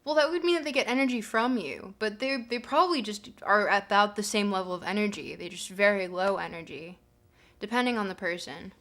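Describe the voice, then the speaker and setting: A woman's voice: mid-range voice, expressive, a little fast, a bit bright. A woman hosting a casual livestream, chatting to her viewers in a rambling way, with plenty of fillers as she thinks aloud. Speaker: livestream host.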